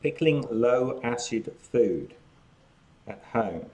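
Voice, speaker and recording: A man's voice: medium pitch, expressive, takes it slowly, noisy background. An outgoing Australian man hosting a casual live chat, talking while snacking. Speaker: cooking channel host.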